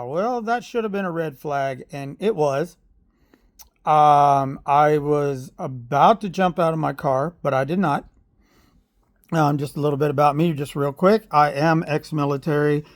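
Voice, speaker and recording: In a personal video, a middle-aged man who is a parent lays out his complaint in a voice on the high side. His speech is earnest and halting, full of fillers, and he grows more aggrieved and heated as he recounts what happened.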